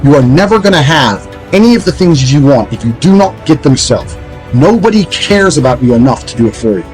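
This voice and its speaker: A man lectures hard in a motivational rant, blunt and profane, and mocks other people's excuses. His voice sits fairly high and swings widely in pitch. Faint music plays underneath. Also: big pitch swings, fairly quick, a little mellow, low-quality recording. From England. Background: faint background music.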